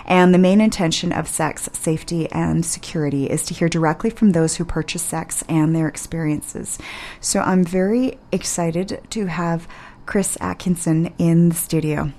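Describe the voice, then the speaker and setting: A woman's voice: on the low side, fairly even intonation, moderate pace, mellow. Bubbly, giggly woman radio host. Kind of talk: radio interview. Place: radio studio.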